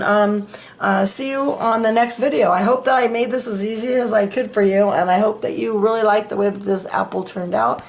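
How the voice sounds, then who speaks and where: A middle-aged woman hosting a casual real-time drawing tutorial from a home studio, chatty and self-deprecating as she talks while she works. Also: medium pitch. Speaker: art tutorial host.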